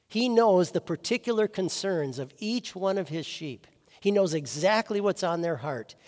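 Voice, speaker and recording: A man delivers a chapel sermon as chaplain, his voice sitting a little high for a man. He preaches earnestly, telling stories and pushing up his pitch to stress key words. The sound carries a long reverb from the chapel. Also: darkish tone. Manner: earnest, storytelling preaching with emphatic rises.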